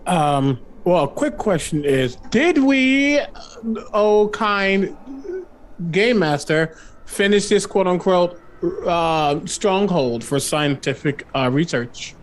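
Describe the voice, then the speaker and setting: A man playing a tabletop horror game who switches between hesitant questions and in-character speech. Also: slow. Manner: hesitant, with lively swoops of pitch. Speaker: player. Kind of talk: tabletop role-play, speaking in character.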